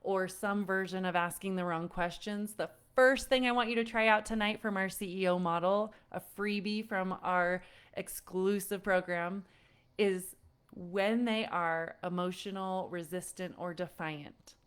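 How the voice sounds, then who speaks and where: In this online session for parents, a female parenting coach is animated and laughs often while playing the part of frustrated moms and dads. She speaks at a medium pitch, a bit slowly, with a clean tone.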